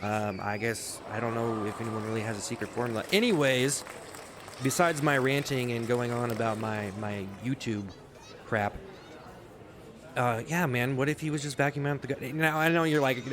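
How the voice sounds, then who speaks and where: A man vents in a loose, sarcastic comedic rant, full of restarts and swearing. His voice sits at an ordinary middle pitch. A faint hum of outdoor traffic runs underneath. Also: moderate pace. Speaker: vlogger. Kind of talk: rambling comedic commentary.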